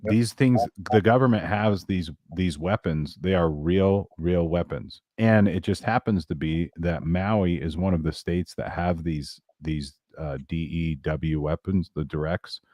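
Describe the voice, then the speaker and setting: A man's voice: low voice, unhurried, few pauses, darkish tone, no room sound. A man talking as a guest on a casual podcast, rambling with many restarts.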